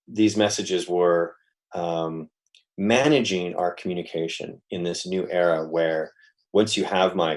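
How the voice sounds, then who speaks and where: A man's voice: low voice, darkish tone. A middle-aged man giving an academic talk in a conversational way, with frequent fillers and restarts. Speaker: lecturer.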